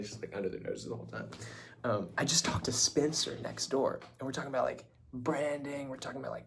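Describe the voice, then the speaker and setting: Rambling young man with a gravelly voice. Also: on the low side. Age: young adult. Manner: rambling, laughs often, drops to whispers. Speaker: vlogger. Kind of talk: casual chat to camera.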